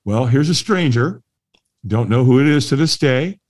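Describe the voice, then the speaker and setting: Animated storyteller man, lively voice. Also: medium pitch, normal speed. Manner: lively, laughs often, acts out the voices of others. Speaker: guest, firewalk instructor. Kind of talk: animated storytelling in a podcast interview.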